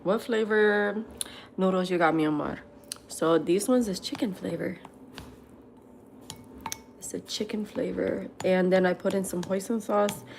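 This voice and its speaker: A woman's voice: fairly low pitch, steady tone, measured pace, creaky, pauses often, slight background noise. A woman hosting a casual livestream from her table at home, eating and reading viewer comments aloud, laughing often and answering them bluntly. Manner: laughs often and talks between bites. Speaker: livestream host.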